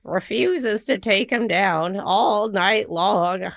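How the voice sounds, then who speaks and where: A woman doing a gravelly, bawdy old lady. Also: medium pitch, slow. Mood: grumbling. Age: older. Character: randy old woman resident, gossipy and crude. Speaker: radio co-host in a prank call.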